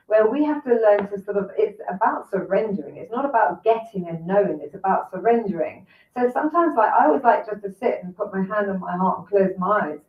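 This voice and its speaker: An older woman talking earnestly about emotions and self-worth, explaining gently. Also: mid-range voice. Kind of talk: reflective conversation. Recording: echoey, distant, phone-like line.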